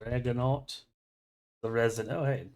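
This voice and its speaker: A man's voice: medium pitch, fairly even intonation, normal speed, a little mellow. A man, a guest on a casual chat show, who reacts with disbelief and laughs easily.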